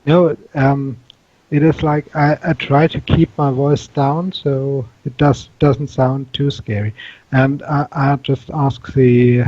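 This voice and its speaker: A man's voice: medium pitch, level tone, slow pace, a little mellow, dry recording, lo-fi sound. A man playing a tabletop game, talking hesitantly and stumbling over his words. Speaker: player. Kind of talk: casual chat in a tabletop game.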